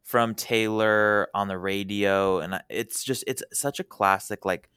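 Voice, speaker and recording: A woman's voice: very deep voice, fairly even intonation, a little slow, fairly bright tone, clean tone, dry recording, studio quality. A young adult woman co-hosting a casual podcast chat, giggly and playful, with lots of "like". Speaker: podcast co-host.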